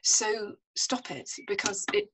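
A woman's voice: medium pitch, big pitch swings, slow pace, noisy background. A middle-aged woman, a psychologist guest on a podcast, talking frankly and casually with a self-deprecating laugh. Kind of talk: casual conversational interview.

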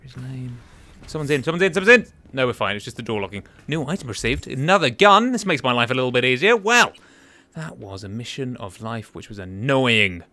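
A man's voice: mid-range voice, big pitch swings, a little fast, sharp tone. A young man giving chatty, exasperated commentary while playing a game. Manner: chatty, exasperated, muttering to himself. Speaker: gaming commentator. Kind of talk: casual let's-play commentary.

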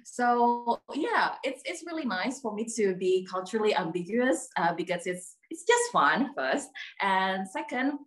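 Woman, workshop participant, personal story, hesitant, fillers, middle pitch, echoey room. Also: measured pace. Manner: hesitant, many fillers, lively. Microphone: video call.

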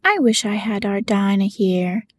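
A woman voicing an eager, plaintive little girl in a whispered role-play, softly pleading. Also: mid-range voice, unhurried, natural voice.

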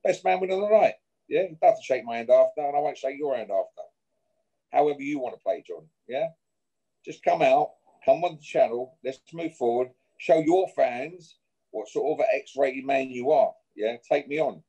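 In an interview, a boxer confrontationally challenges his rival, tacking "yeah?" onto the end of each point as trash talk. His voice is medium-pitched, warm and slightly rough, with a moderate pace. The recording has its highs cut off.

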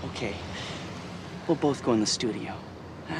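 A man's voice: mid-range voice, normal speed, creaky, background noise, natural voice. An actor playing an eager young songwriter husband who stammers and repeats himself as he coaxes and reassures. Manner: stammering, coaxing. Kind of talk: TV movie acting.

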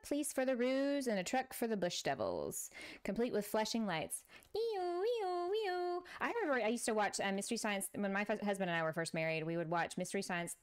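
A woman's voice: medium pitch, sing-song, fast talker, clean tone. A middle-aged woman from Texas with a Texan accent, chatting casually and laughing often while streaming a building game to her viewers. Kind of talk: casual gameplay chat with live chat.

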